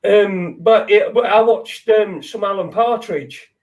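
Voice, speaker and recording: A man's voice: high-pitched, a little slow, a little mellow, lo-fi sound. A man hosting a casual late-night chat, rambling and sweary, often losing his words. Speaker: podcast host.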